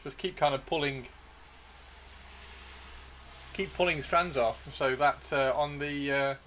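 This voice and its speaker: A man's voice: on the high side, slow, bright, forceful tone, a little hiss or hum. A man chatting casually on a livestream, laughing and encouraging viewers with their sculpting. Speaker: livestream host. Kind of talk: casual livestream chat while sculpting miniatures.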